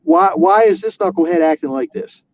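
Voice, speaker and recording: A man, an auxiliary police officer, telling a personal story in casual talk, halting with restarts and fillers. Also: high-pitched, huge pitch swings, gravelly. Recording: dull lo-fi sound.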